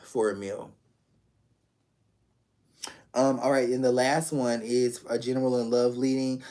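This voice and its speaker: A man's voice: mid-range voice, steady tone, a little slow, warm tone. A man reading tarot live for an online audience in a loose, conversational way. He speaks with open affection to his viewers, circles back to repeat his phrases and drops casual curse words. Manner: affectionate, talks straight to viewers. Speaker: tarot reader.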